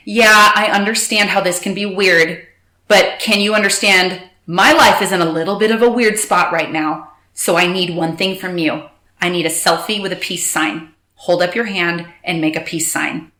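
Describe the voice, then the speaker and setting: A woman recounting a personal story with emotion, halting and restarting, quoting others in quick bursts. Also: lowish voice, steady tone, bright, forceful tone, roomy sound. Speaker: guest telling her story.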